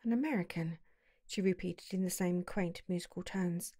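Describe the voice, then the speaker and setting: Mellow woman reading an audiobook. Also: lowish voice, no room sound, clean studio sound. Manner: calm, measured storytelling. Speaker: audiobook narrator. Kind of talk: audiobook narration.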